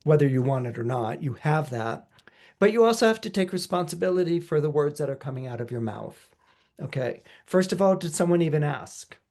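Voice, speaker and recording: A man's voice: fairly high pitch, fairly quick. Chatty male astrologer telling stories. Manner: lively storyteller who acts out quoted voices; loose and chatty, with many "you know" fillers. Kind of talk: podcast astrology forecast.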